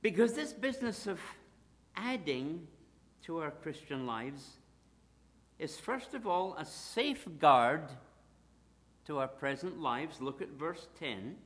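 A man delivers a sermon slowly and deliberately, his pitch rising and falling with real animation. He swings between loud, emphatic declarations and hushed asides. His voice carries a long reverb, as if in a large hall. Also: animated. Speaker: preacher.

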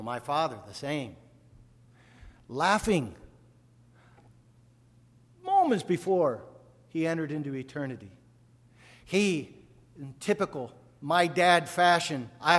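A man's voice: on the high side, lively intonation, normal speed, long pauses. A man from upstate New York preaching a sermon, telling family stories in a folksy way and building to fervent emphasis. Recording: long hall reverb.

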